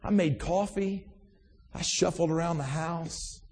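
A man's voice: fairly high pitch, measured pace, a little mellow, husky, long reverb tail. A man preaching a sermon with emphatic repetition and rhetorical questions. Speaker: pastor.

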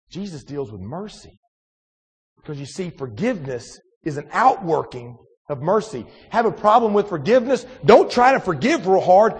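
A man preaching a sermon in a relaxed, conversational way, full of restarts and rhetorical questions to the congregation. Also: high voice, slightly rough, in a large hall. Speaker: pastor.

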